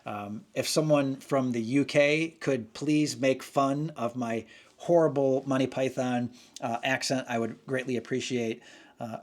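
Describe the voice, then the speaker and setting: Male host, loose talk-to-camera delivery, meandering and self-correcting. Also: mid-range voice. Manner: rambling, frequent restarts and self-corrections. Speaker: channel host. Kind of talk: casual opinion monologue.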